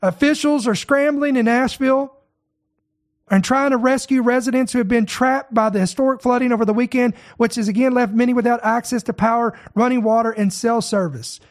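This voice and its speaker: A man's voice: very high voice, fairly even intonation, fairly quick. A man who leads a ministry, hosting an online show and delivering impassioned, indignant commentary full of rhetorical questions.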